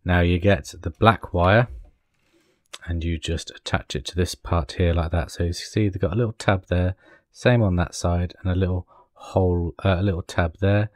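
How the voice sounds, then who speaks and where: Man, low voice, dry close sound, chatty hobbyist doing a kit build tutorial. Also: fairly even intonation, moderate pace, no echo. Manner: chatty, apologetic asides while working. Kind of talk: casual step-by-step build tutorial.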